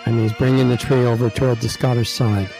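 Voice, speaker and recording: A man's voice: medium pitch, fairly quick, gravelly, soft background music, poor audio. A man hosting an online talk show, casually retelling a film scene and acting out what the characters think. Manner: animated, acts out characters' thoughts.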